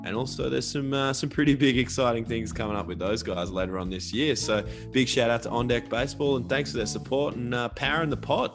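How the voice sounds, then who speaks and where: A man's voice: mid-range voice, a little fast, few pauses, music in the background. A man co-hosting a casual sports podcast, chatty and upbeat, reading sponsor plugs. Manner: upbeat, chatty, repeats catchphrases. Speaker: podcast co-host.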